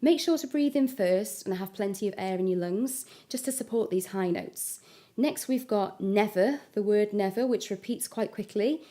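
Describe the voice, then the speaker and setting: A woman giving a singing lesson, explaining vowel shapes step by step and demonstrating high notes. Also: moderate pace, dark tone, faint music behind. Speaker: singing teacher. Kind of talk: vocal lesson with sung examples.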